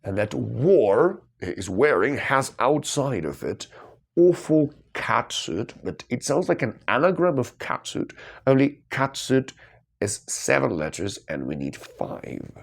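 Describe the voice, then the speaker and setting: A man's voice: medium pitch, big pitch swings, slow pace, creaky. A man working through cryptic crossword clues aloud, musing and questioning himself, with sudden bursts of delight. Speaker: crossword solver. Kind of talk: thinking aloud while solving puzzles.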